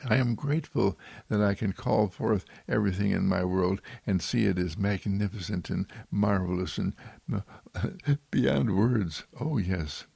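A man giving a spiritual affirmation talk in slow, repetitive, gentle and fervent phrases. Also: lowish voice, gravelly, husky, no room sound.

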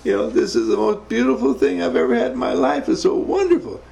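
An older man voicing an overjoyed wife in a high falsetto, gushing with tearful delight. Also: wildly swooping pitch, quick pace, creaky, mellow, full character voice. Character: overjoyed wife receiving a gift.

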